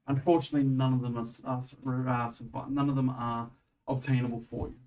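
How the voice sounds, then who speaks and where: Give me a man running a tabletop game, halting and restarting, recorded a bit off-mic. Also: mid-range voice, little pitch movement, a little mellow, distant mic, poor audio. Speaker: game master.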